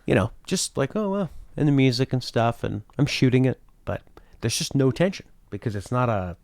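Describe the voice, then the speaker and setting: A man's voice: medium pitch, expressive, normal speed, vocal fry, a little mellow, no room sound. A man casually commenting on a game as its reviewer, rambling and wry as he thinks aloud.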